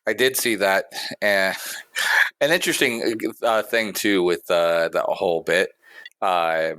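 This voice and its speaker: A man's voice: low voice, unhurried, fairly bright tone, clean tone, dry recording. A man in his thirties co-hosting a podcast, chatting casually in a rambling, hesitant way. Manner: rambling, hesitant, full of fillers. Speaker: podcast co-host. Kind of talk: casual chat.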